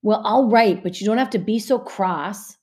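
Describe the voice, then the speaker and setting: A woman voicing a sulky, curious young girl in a storybook reading, with a high, pleading child voice. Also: normal speed, a little mellow, natural voice. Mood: whiny.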